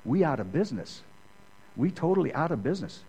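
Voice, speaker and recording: A man's voice: on the high side, big pitch swings, fairly quick, warm tone, husky, pitched above the performer's own voice, full character voice. A man voicing a frantic plant manager in broken English. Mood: urgent. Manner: urgent, clipped broken English.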